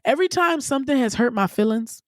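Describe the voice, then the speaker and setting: A woman's voice: quick pace, no echo, studio quality. Candid, profane woman podcast host. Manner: candid, profane, animated storytelling with sudden pitch jumps. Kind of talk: casual solo podcast monologue.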